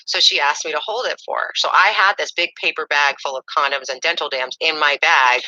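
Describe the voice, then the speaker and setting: A middle-aged woman telling a personal story in casual conversation, animated and rambling with fillers and restarts. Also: low-pitched, a little fast, dry recording, highs cut off. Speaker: podcast guest.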